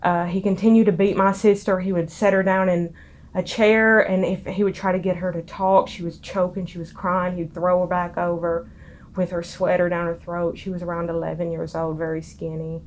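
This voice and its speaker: A young woman, tearful and halting as she recounts her past in an interview. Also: lowish voice, little pitch movement, slight background noise. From Tennessee. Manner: halting, with many ums. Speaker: interviewee, daughter of a street preacher.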